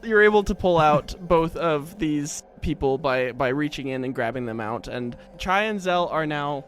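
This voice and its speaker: A man narrating as game master of a tabletop role-playing game, relaxed and amused. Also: a little high, moderate pace, soft background music.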